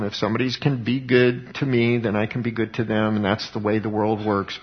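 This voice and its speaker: A man teaching from the Bible in a conversational, earnest way, rising in pitch when he quotes scripture. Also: slightly rough, dull audio. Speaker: preacher.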